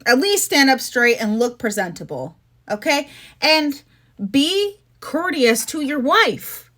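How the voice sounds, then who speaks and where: A young Canadian woman hosts a podcast, ranting casually about politics in an exasperated, sarcastic, chatty way. Her voice is high-pitched, sing-song, and sharp, and she speaks slowly.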